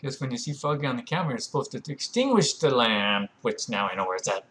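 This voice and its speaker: A man's voice: mid-range voice, big pitch swings, quick pace, fairly bright tone. A man giving chatty, jumpy, self-mocking commentary while he plays a horror game. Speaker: gameplay video host. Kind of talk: let's play commentary.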